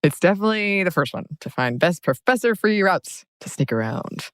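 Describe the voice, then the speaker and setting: A giggly woman co-host chats casually and answers in short, quick replies. Her voice is lowish and recorded dry and close. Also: big pitch swings, no echo. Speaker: podcast co-host. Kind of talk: casual chat.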